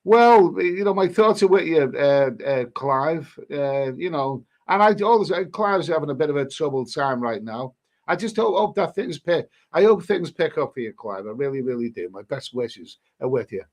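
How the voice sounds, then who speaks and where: A middle-aged man hosting a livestream, chatting casually and reading out viewer comments, rambling and halting with many restarts and repeated words. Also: fairly high pitch, expressive, darkish tone.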